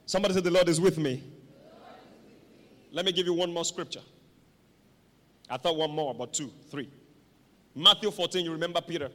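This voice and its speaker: High, animated preacher in a hall. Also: male voice, moderate pace, pauses often. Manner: dramatic, animated preaching with call-and-response. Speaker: pastor. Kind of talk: sermon. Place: church hall. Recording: long echo of a large hall.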